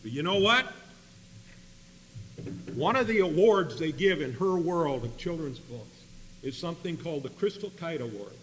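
A man telling a story in a sermon, swinging between loud emphatic bursts and quiet asides. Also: on the high side, expressive, normal speed, pauses often, husky. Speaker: preacher. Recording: long hall reverb with faint hum.

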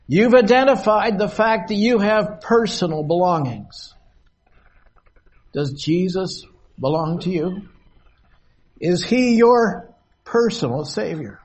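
An older man preaching a sermon from a podium in a meeting hall, slow and measured with long pauses. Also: high voice, expressive.

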